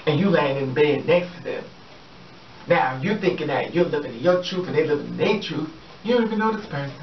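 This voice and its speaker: A sassy, animated man rants about someone straight to camera, his voice a little high. He sounds set back from a muffled mic in a roomy space, with faint ambient noise behind him. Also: a little fast, recorded from a distance. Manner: sassy, animated, addresses the subject directly. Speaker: vlogger. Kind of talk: casual opinion rant to camera.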